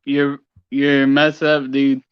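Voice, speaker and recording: A man's voice: mid-range voice, monotone, slow pace, music in the background. A man joining a livestream as a guest over a video call, giving short, laid-back replies. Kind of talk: casual livestream chat. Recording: dull lo-fi call audio.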